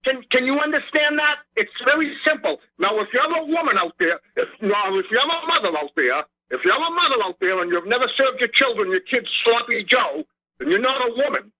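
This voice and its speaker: Man doing cranky older Boston politician impression, repetitive scolding, bright tense voice, muffled phone. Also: extremely high pitch, animated, brisk, pitched above the performer's own voice, heavily acted. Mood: testy. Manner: rambling, scolding, repeats himself. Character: impression of an older male presidential candidate with a Boston accent, irritated.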